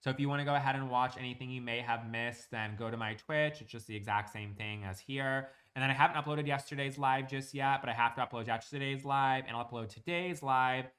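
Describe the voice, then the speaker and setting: A man's voice: mid-range voice, fairly even intonation, brisk, few pauses, fairly bright tone. A young man streaming, chatting casually and rambling with lots of fillers while he plays a building game. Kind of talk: casual live-stream chat while gaming.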